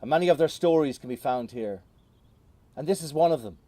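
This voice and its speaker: Lively Irish storyteller man, higher voice. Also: dry recording. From Ireland. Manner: lively, playful, with dramatic pauses. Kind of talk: oral folk storytelling. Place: outdoors on a moor.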